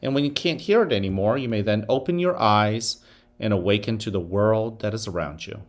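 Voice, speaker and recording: With slight background noise behind him, a man with a fairly low voice speaks as principal during morning announcements. His guided breathing exercise for students is slow and soothing.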